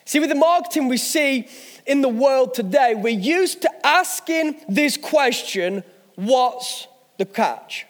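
A man's voice: very high voice, animated, a little slow, long reverb tail. A man, a pastor, preaching a sermon, telling stories with self-mocking humor. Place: church hall.

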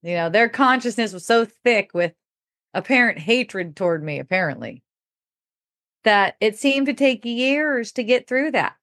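A woman's voice: fairly high pitch, lively intonation, a little slow, a bit bright, no room sound, clean studio sound. A middle-aged woman telling a personal story in casual talk, laughing often and acting out what people said. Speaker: podcast speaker.

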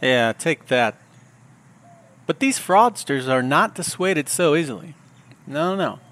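A middle-aged man hosting a podcast, telling comic stories in a wry, deadpan way. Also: a little high, slow, very noisy. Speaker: podcast host. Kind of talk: comedic storytelling monologue.

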